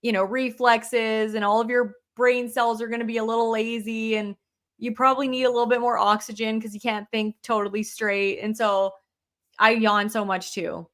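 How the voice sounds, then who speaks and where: A young woman co-hosting a casual podcast in a fairly high voice. She reflects out loud and fills her sentences with likes. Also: level tone, normal speed. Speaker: podcast co-host. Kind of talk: casual chat.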